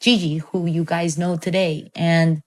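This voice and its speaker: A woman guest tells a long story in a casual, animated way, with many fillers and free swearing. Her voice sits somewhat low for a woman. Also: unhurried. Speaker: guest, film director.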